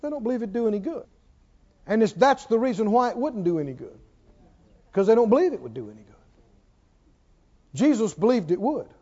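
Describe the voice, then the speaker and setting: A man's voice: sits high, big pitch swings, fairly quick, long pauses, dark tone. A man preaching a sermon, emphatic, firing rhetorical questions at his listeners and drawing out key words for emphasis. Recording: reverberant, dull lo-fi church recording.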